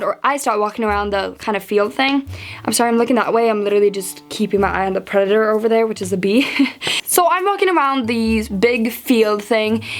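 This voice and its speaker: Chatty teen girl telling a story. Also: a little high. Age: teens. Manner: chatty, animated, full of "like" and acted quotes. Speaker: vlogger. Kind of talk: storytime vlog.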